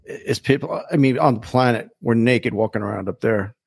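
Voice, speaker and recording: A man hosting a podcast, telling a story in a casual, animated way, swearing freely and acting out the people he quotes. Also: medium pitch, moderate pace, vocal fry, breathy edge, dry recording, studio quality. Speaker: podcast host.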